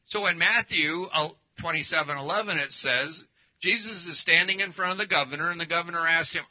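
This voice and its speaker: A man's voice: a little high, a little fast, lo-fi sound. A man preaching a sermon as pastor, emphatic, with pointed rhetorical questions to the congregation.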